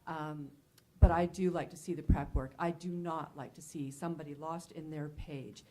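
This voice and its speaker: A woman who works in casting, giving measured and firm advice about how to audition. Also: sits low, steady tone, warm tone. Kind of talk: candid advice talk.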